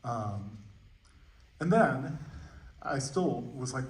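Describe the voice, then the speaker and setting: A man's voice: medium pitch, fairly even intonation, unhurried, a little hiss or hum. Musing man in an echoey theater. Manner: hesitant, musing, many fillers. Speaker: moderator. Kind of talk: post-screening Q&A. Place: movie theater stage. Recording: roomy, distant theater audio.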